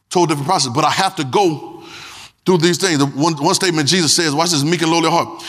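A man preaching with a high, bright and forceful voice. He talks emphatically, repeating phrases and calling out to his listeners. His sermon delivery has a tense, ringing edge. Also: quick pace, long reverb tail. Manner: emphatic, repetitive, calls out to the congregation.

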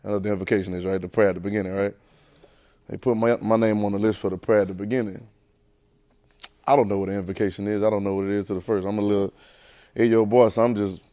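A man preaching a sermon, telling a childhood story with lively, animated delivery. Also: on the low side, fast, long pauses. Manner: animated storyteller, rising to excited near-shouting.

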